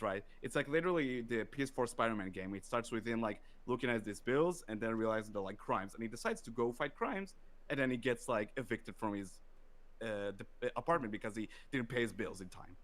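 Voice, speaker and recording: A man hosting a casual podcast chat, ranting excitedly with lots of fillers. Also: mid-range voice. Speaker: podcast host.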